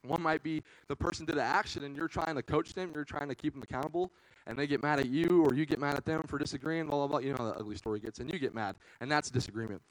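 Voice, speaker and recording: Animated young preacher man, slangy. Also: fairly high pitch, fast talker, no echo, poor audio. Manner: animated, slangy storyteller, acts out quotes loudly. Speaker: youth pastor. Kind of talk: casual youth sermon with storytelling. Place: church.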